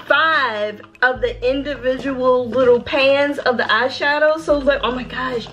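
A bubbly, excitable woman chatting straight to her viewers while unboxing in a casual vlog, recorded indoors. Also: high voice, moderate pace, soft background music. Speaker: beauty vlogger.

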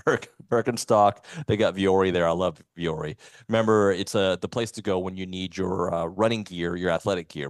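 A man's voice: sits low, moderate pace, dry recording, studio quality. A man co-hosting a sports radio show, talking football casually and reading live sponsor spots. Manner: animated, reads live sponsor reads. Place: radio studio.

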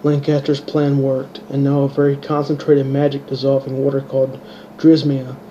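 A man reading his own fantasy story aloud, halting and restarting words, in a dull lo-fi home recording. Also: medium pitch, monotone, warm tone, a little hiss or hum. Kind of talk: amateur audiobook reading.

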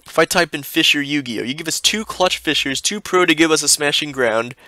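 A man's voice: fairly high pitch, a little fast, sharp tone, no echo. A young man giving sarcastic, exasperated commentary as a video host, ranting over screen listings. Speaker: YouTube host reviewing card listings.

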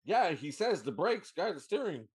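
A man's voice: high voice, big pitch swings, moderate pace, a loud crowd. A man in profane, casual podcast chat who keeps pushing back on his co-hosts. He questions their take on the movie and insists on his own. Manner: profane, argumentative, challenges the others. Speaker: podcast co-host. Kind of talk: casual movie-review banter.

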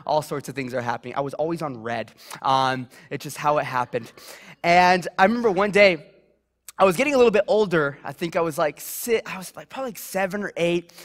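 A young man with a fairly high voice delivers a church sermon. He talks in a chatty, self-mocking way, with plenty of "um"s and "like"s as he tells his stories. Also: a bit bright. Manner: chatty, self-deprecating storytelling with many fillers. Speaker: preacher.

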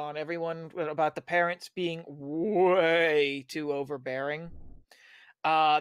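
A man hosting a casual group podcast, rambling and halting with many fillers. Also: a little high, fairly bright tone, smooth, no room sound. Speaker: podcast host.

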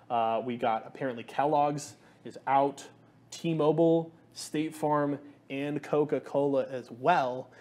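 Relaxed male podcast co-host. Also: medium pitch. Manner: laid-back, frank, swears casually. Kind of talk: casual chat.

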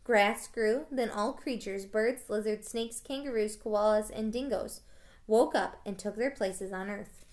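Teacher reading a storybook aloud. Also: female voice, medium pitch, a little slow. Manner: casual, warm storytelling with small slips. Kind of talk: reading a children's book aloud.

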